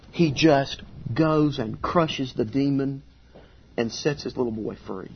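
A middle-aged man preaching a sermon as pastor, earnest and emphatic, sometimes voicing pleas at a higher pitch. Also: slow, highs cut off, slight background noise.

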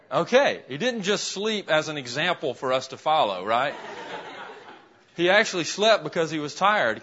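In a classroom, a man whose voice is a little high and sharp leads a Bible lesson, questioning students as he writes a list on the board. The recording sounds dull and lo-fi.

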